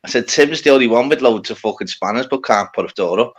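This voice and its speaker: Man, mid pitch, laddish banter, stream panelist. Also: fast, slightly rough. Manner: laddish banter, mimics others in raised voices. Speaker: panelist on an online chat stream. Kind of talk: casual chat.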